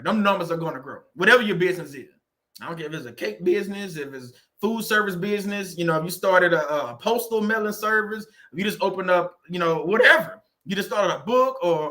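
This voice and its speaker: Fast-talking bright Southern US man. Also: high voice. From Southern United States. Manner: chatty, repetitive, laughing often, says "you know what I'm saying". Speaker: faith-based YouTuber and real estate agent. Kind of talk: casual motivational vlog talk.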